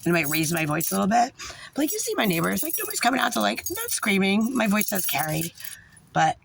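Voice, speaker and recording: Raspy, furious New woman. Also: mid-range voice, very animated, a little hiss or hum. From New Jersey. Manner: angry, profane, fast when passionate. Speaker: parent venting about a social services agency. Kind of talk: profane ranting vlog.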